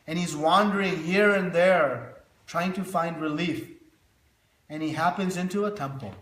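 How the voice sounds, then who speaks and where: A man leads a devotional scripture class, teaching through stories. His voice is high and his pace is unhurried. A roomy echo hangs around him. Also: a bit bright. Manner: storytelling, illustrative.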